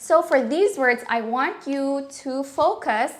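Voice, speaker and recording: A Filipino-accented woman teaches pronunciation in a relaxed, chatty way. Her voice sits a little high, and she drags each word out slowly and carefully. She slips into Tagalog now and then. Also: slight background noise. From Philippines. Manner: slow deliberate enunciation, mixing in Tagalog, frequent laughs. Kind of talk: casual online pronunciation lesson.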